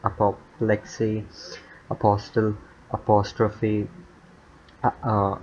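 A man reading dictionary words aloud one after another, in a monotone, with stumbles, fillers and muttered asides. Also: lowish voice, measured pace. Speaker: youtuber. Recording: dull lo-fi mic with faint noise.

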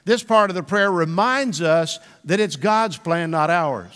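Male pastor, conversational sermon delivery with slow emphatic repeats, higher register, long hall reverb. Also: animated, fairly bright tone.

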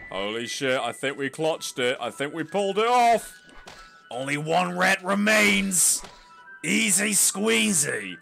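A man streaming a video game, reacting with swearing and exclamations. He talks slowly, a little high, and his pitch jumps around a lot. Game music plays clearly behind his voice. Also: big pitch swings, pushed and bright. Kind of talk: casual gaming commentary.

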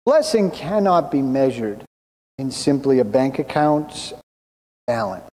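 A man preaching a sermon as pastor, speaking deliberately and quoting scripture. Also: mid-range voice, sing-song, darkish tone, a little hiss or hum. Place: church sanctuary. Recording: long reverb in a church hall.

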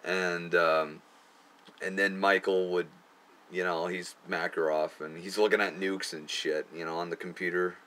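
Crude, very deep-voiced young man. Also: little pitch movement, a little slow, bright, forceful tone. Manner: crude, profane, laughs at himself. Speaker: amateur filmmaker looking back on his film. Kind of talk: casual commentary.

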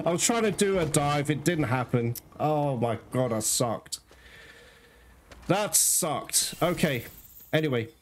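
A man giving live gameplay commentary to his viewers, excitable and swearing often. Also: fairly high pitch, slow pace. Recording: loud game music behind.

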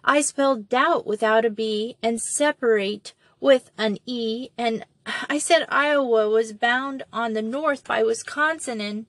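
A woman's voice: a little high, unhurried, fairly bright tone, no room sound, pitched above the performer's own voice. A woman reading a storybook and voicing an anxious, tearful nine-year-old girl in a plaintive, upset way. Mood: miserable.

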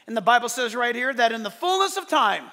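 A pastor preaching a sermon to his church, emphatic and animated, with joking asides. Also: very high voice, quick pace. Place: church sanctuary during a service. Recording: long reverb of a large hall.

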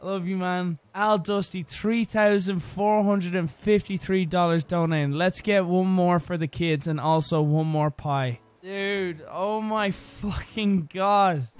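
A young man on a charity livestream, excitable, loud and sweary as he thanks donors. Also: sits high, a little slow, hardly any pauses, smooth. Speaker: streamer.

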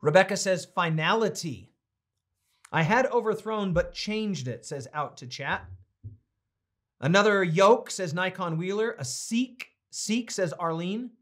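A man's voice: high voice, a little slow, a bit bright. A middle-aged man teaching a Bible study, preaching with emphasis and then chatting playfully as he reads out viewers' comments.

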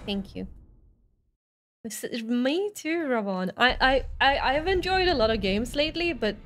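High-voiced excitable woman streamer. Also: a little slow. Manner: excitable, jumps between nervous chatter and yelping. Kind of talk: live gameplay commentary.

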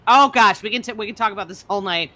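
A woman co-hosting a game stream, chatting casually and getting excited about puzzle games. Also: mid-range voice, fast. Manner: excitable, enthusiastic. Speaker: stream co-host. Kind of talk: casual chat.

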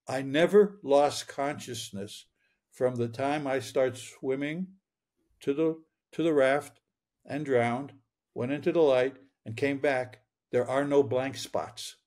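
A man's voice: mid-range voice, darkish tone. An older man in his eighties speaks as a guest in an interview, telling his own story. He is earnest and reflective, circles back to restart his phrases, and chuckles now and then. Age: 80s.

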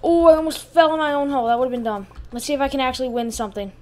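A woman giving live gameplay commentary as a channel host, excitable and full of exclamations, muttering to herself between bursts. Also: high-pitched, racing, a little hiss or hum.

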